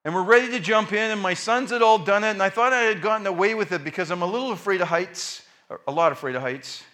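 A man's voice: high voice, fast talker. A middle-aged man preaching a storytelling sermon in a casual way with many fillers, acting out the voices of his family. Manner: animated, acts out family voices.

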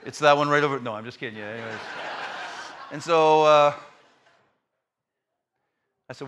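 A middle-aged male pastor preaching a sermon through personal stories, with joking asides and swings between loud and soft delivery. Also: a little high, normal speed, a little hiss or hum.

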